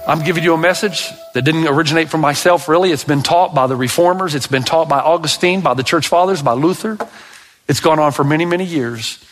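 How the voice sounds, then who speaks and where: A middle-aged man preaching a sermon, with a notably high voice. He talks straight to the congregation and leads them in repeating lines aloud. As he tells stories, he builds into an impassioned delivery. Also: a little fast, faint music behind. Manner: impassioned, rising pitch when telling stories; addresses congregation directly, leads repetition. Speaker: pastor.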